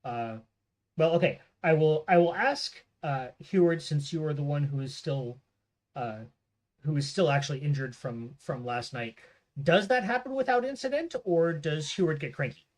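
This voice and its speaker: A man's voice: on the high side, lively intonation, moderate pace. Man narrating as game master. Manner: hesitant, filler-heavy narration.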